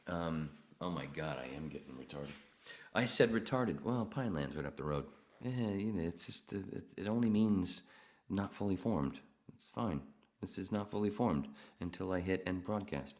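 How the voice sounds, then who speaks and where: A man's voice: a bass voice, moderate pace. A man hosting a podcast alone, rambling and swearing while he answers chat comments. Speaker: podcast host. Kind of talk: casual solo livestream chat.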